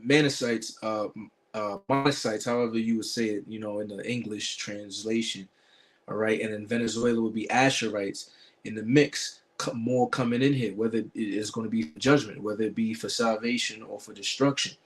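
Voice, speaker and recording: A man's voice: fairly low pitch, steady tone, moderate pace. Man, reaction commentary, preachy, scripture-quoting, scornful, profane.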